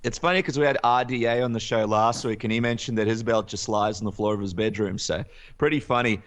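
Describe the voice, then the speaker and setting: A man's voice: lowish voice, fairly even intonation, fast talker. A man co-hosting a radio show who asks a guest questions politely. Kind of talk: interview questions.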